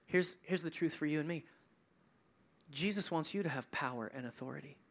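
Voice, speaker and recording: A man preaches a sermon in a conversational, animated way. He builds to emphatic, loud peaks, then drops to hushed, nearly whispered lines, with chuckles and quick asides along the way. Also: fairly high pitch. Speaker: pastor.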